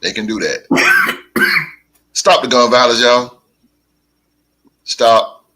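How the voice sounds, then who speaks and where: A man hosting a podcast, telling stories in a casual chat with animated delivery and big laughs. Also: medium pitch, poor audio. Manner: animated storytelling, drawn-out laughs. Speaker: podcast host.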